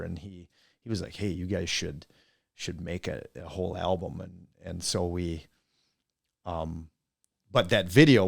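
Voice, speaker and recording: Deep, gravelly middle-aged man from Wisconsin. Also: no room sound, studio quality. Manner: rambling, animated storyteller who mimics friends. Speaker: podcast guest, coach and teacher. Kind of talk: casual storytelling interview.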